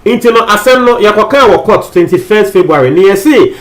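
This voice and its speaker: Ghanaian guy chatting through gossip news, kinda high voice, repeats himself a lot. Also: expressive, moderate pace. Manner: chatty, mixes languages, repeats phrases for emphasis. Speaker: news presenter. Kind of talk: casual news commentary.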